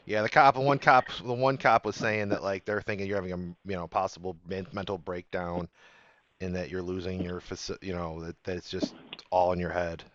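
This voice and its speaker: A man on a phone call, calm and agreeable, answering with short replies. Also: low voice, a little fast. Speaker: prank caller host. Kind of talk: phone conversation.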